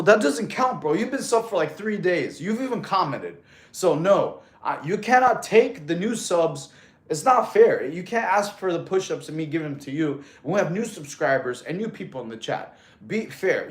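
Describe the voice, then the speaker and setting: His voice is on the high side and animated, moving at a normal speed. He's a laid-back fitness streamer who uses slang, calls people "bro," and gets breathless while counting push-ups, all captured in a room with plenty of echo.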